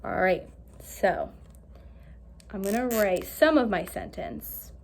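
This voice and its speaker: A woman teaching an early-grade reading lesson, speaking slowly and clearly with lively questions for the children. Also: medium pitch. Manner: animated, slow and clear, asks pupils questions.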